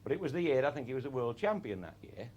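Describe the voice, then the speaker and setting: A man's voice: medium pitch, sing-song, fast talker, a little mellow, muffled recording. A man telling a comic anecdote in an earthy way, swearing freely and chuckling through his punchlines. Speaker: raconteur.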